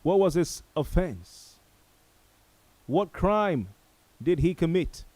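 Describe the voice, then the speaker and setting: A man hosting a talk show, speaking gravely to viewers and repeating phrases for emphasis. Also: fairly high pitch, animated, slow pace, darkish tone, dry recording, rough recording. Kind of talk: solemn talk show monologue.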